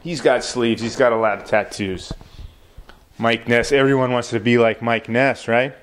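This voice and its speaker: A man's voice: mid-range voice, fairly even intonation, moderate pace, a little hiss or hum. Profane rambling man. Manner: profane, laid-back and rambling. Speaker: comedian. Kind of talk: rambling stand-up monologue.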